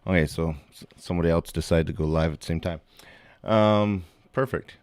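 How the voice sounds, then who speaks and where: Male streamer, low voice, smooth and clean, dry close sound, loose rambling chat. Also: a little fast, a little mellow, no room sound. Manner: rambling, greets chatters by name. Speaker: livestream host. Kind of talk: casual livestream chat.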